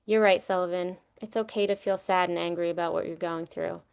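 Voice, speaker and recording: A woman reading a children's book aloud, voicing a loving grandmother who speaks softly and calmly to her grandson. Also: on the low side, brisk, vocal fry, clean tone. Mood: tender. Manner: soft, calm and reassuring. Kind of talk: storybook read-aloud.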